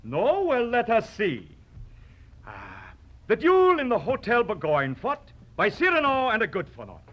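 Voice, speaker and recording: A man's voice: sits high, wildly swooping pitch, measured pace, fairly bright tone, lo-fi sound, full character voice. An actor playing a proud, mocking poet swordsman with a huge nose, declaiming in theatrical old radio-drama style. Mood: gleeful. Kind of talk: vintage radio drama acting.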